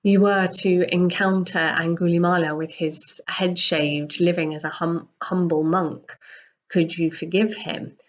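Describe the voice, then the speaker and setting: A woman's voice: on the low side, steady tone, a little slow, lightly acted. A woman doing a serene old holy man. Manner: gentle, soft and serene. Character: serene old male holy teacher, gentle and calm. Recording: dull lo-fi sound.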